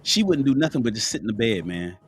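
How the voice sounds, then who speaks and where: Sick and lying in bed at home, a man joins a live call-in show as a panelist, talking bluntly and profanely with many restarts and a cough. His medium-pitched voice is husky, very animated and fast.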